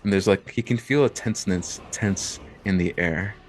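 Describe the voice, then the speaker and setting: A man's voice: on the low side, normal speed, faint music behind. A man narrating a tabletop game as game master, in a loose, rambling way full of fillers.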